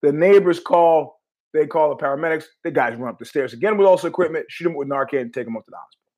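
A man hosting his own show delivers a casual storytelling monologue in a blunt, profane, conversational way. His voice is on the high side, fast, and a little mellow.

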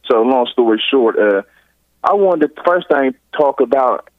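A man's voice: mid-range voice, lively intonation, a little slow, no room sound. A man from Ohio calling in, rambling and tacking "or whatnot" onto everything. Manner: rambling, says "or whatnot" constantly. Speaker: caller. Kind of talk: rambling phone call. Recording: tinny phone line.

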